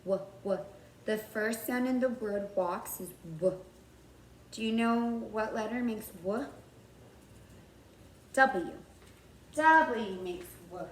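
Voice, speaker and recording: Woman teacher, slow and patient, recorded off-mic in a roomy space. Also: a little high, a little hiss or hum. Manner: slow and patient, sounding out words carefully. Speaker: kindergarten teacher. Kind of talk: recorded writing lesson for young children. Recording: roomy, from far off the mic, faint background ambience.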